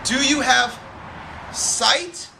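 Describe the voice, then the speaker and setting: A young man with a Long Island accent, a strength coach hosting his own show and answering a viewer's question in an energetic, streetwise, talkative way. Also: extremely high pitch, extremely slow, gravelly, a little hiss or hum.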